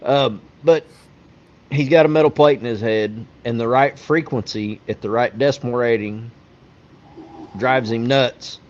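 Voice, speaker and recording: Man, podcast co-host, mid-pitched, blunt and profane, dull lo-fi audio. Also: a little slow, slight background noise. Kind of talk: casual chat.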